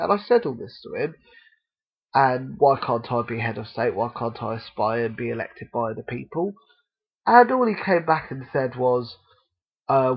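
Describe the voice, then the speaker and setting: A man delivering a heated opinion vlog with a gravelly, husky voice. He argues hard and keeps hammering the same points. The recording sounds dull and lo-fi. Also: medium pitch, big pitch swings, moderate pace. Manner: impassioned, argumentative, repeats his points. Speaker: vlogger.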